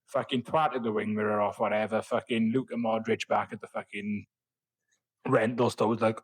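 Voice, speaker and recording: A man's voice: fairly low pitch, fairly even intonation, brisk, slightly rough, no room sound, poor audio. A young man, a podcast guest telling rambling, sweary, self-mocking stories. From Wales. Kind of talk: casual chat.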